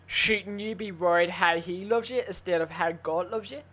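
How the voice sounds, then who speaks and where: A man's voice: sits high, normal speed, fairly bright tone. A man in a casual chat while gaming with friends, arguing heatedly and swearing a lot. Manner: heated, profane, argumentative.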